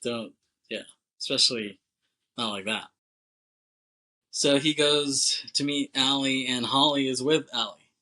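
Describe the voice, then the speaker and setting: A young man in loose podcast chat, walking through a movie plot scene by scene. His voice is very bright and his pitch sits in the middle. He swears freely and slips into quick impressions of the characters as he goes. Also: low-quality recording. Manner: loose and profane, acts out characters' lines with laughs. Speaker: podcast co-host. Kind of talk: casual chat recapping a movie.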